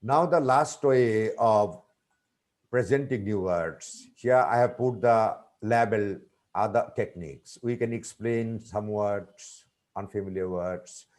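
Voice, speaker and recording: A man giving a webinar lecture on teaching vocabulary, speaking deliberately and spelling out words letter by letter. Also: fairly low pitch, darkish tone. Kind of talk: lecture presentation.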